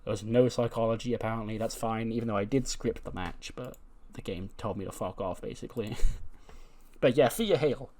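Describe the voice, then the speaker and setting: A man's voice: fairly low pitch, a little fast, darkish tone. A man casually commentating on a game session in a chatty way, laughing and swearing now and then. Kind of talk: casual let's-play commentary.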